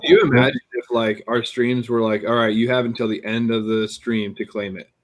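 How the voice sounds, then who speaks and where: A man's voice: medium pitch, sing-song, normal speed. A man co-hosting a live stream in casual chat, joking and teasing viewers. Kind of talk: casual chat, reading the chat aloud.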